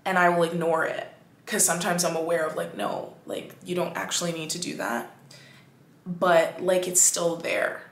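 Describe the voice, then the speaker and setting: A woman hosting a podcast, talking in a casual, animated monologue full of "like"s and restarts. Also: lowish voice, gravelly, roomy sound. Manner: animated, chatty, many "like"s and restarts. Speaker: podcast host.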